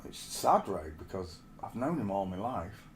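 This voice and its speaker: A man's voice: fairly low pitch, very animated, normal speed, slight background noise. A man in his forties from England, telling rambling stories in casual chat and calling the listener mate. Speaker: streamer.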